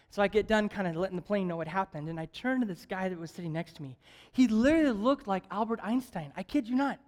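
A man preaching as a guest evangelist at a church service. He is an animated storyteller who jokes and chuckles often. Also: high-pitched, fast. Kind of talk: lively sermon with stories.

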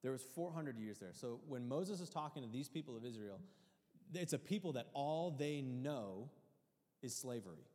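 A man preaching a sermon, earnest and openly emotional, dropping to a hush and then rising loud and high. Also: lively intonation, normal speed, in a large hall. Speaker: pastor.

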